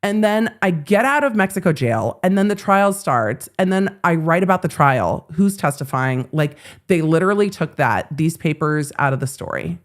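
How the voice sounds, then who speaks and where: Lively woman host recounting a story. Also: lowish voice, moderate pace, few pauses. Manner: animated storytelling, acting out quoted lines. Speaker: legal commentary host. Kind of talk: casual live-stream commentary.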